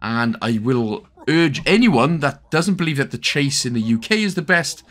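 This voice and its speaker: A man's voice: mid-range voice, lively intonation, moderate pace, a bit bright. A young man with a Welsh accent talking through a game guide, chatty and joking with lots of asides. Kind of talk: casual gameplay commentary.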